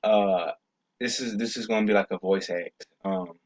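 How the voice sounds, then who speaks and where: A young man with a somewhat low voice, talking to his viewers in a loose, unscripted ramble. He stumbles and repeats words, tosses in cuss words, and leans on plenty of "uh"s. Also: steady tone, normal speed, slight background noise, low-quality recording. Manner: loose and rambling, with many fillers, stammered restarts and cussing. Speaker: video creator. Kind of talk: casual rambling vlog talk.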